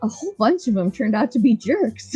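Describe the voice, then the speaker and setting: A woman's voice: on the high side, big pitch swings, fairly quick, warm tone, slightly rough. A woman hosting a casual online chat, talking loosely, laughing often and swearing freely. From United States. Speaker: host. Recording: dull lo-fi sound, faint music.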